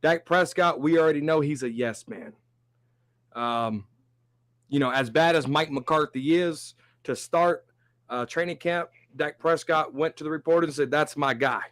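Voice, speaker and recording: A man hosting a live-stream sports talk show, talking with animated energy and reading viewer comments aloud. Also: a little high, unhurried, dry recording.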